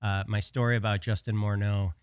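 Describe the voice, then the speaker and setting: A man's voice: fairly low pitch, level tone, brisk, clear, resonant tone, no echo, clean studio sound. A man, a bartender guest on a podcast, telling self-deprecating stories with frequent laughs and hesitations. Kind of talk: casual chat.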